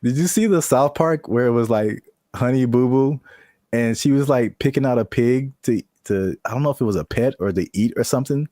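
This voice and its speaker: A young man co-hosting a casual talk show, animated and laughing often as he riffs and hypes. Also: medium pitch, a little fast, dry recording, studio quality. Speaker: podcast co-host. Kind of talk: casual chat.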